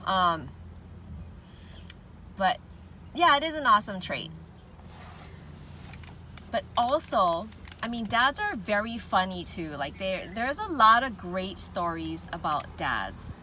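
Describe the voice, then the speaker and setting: A woman's voice: mid-range voice, big pitch swings, slow pace, long pauses, pushed and bright. A woman chatting casually with viewers on a livestream from her car, greeting them and laughing often. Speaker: livestream host. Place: parked car with windows down. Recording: faint traffic noise through open windows.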